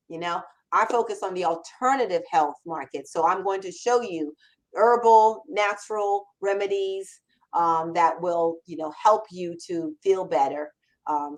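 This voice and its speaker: A woman with a mid-range voice, captured on a rough recording, hosts a live Q&A chat as a copywriting mentor. She talks emphatically and conversationally, often restarting her sentences.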